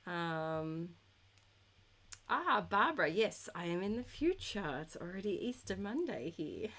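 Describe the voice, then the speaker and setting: A woman's voice: on the low side, sing-song, measured pace, a bit bright. A woman live-streaming scrapbooking from home, chatting casually with viewers, giggly and thinking aloud with lots of ums. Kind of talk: casual chat while crafting, reading viewer comments.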